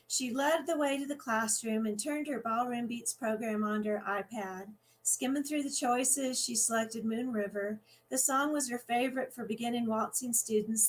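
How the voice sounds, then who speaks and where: A woman author introducing and reading from her own novel, halting and conversational. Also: a little high, rough recording.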